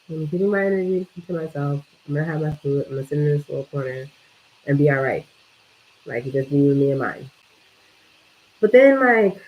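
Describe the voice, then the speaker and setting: A woman's voice: low-pitched, muffled recording. A young woman telling a casual story to camera, chatty and swearing freely, with lots of "like" and talk of energy and vibes. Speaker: vlogger.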